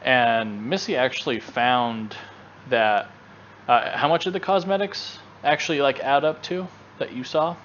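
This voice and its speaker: A man's voice: medium pitch, measured pace, fairly bright tone, lo-fi sound, slight background noise. A man co-hosting a gaming channel in casual chat, rambling with lots of fillers and restarts.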